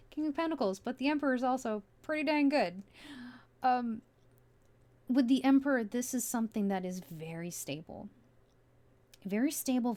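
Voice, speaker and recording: A woman's voice: medium pitch, a little mellow. A woman giving a casual tarot reading, musing aloud with many fillers as she turns the cards. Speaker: tarot reader.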